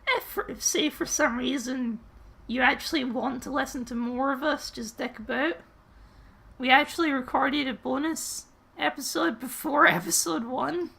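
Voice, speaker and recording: A woman's voice: sits high, moderate pace, gravelly, sharp tone, slightly rough. A woman co-hosting a casual podcast, making dry, teasing asides. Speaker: podcast co-host. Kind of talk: casual chat.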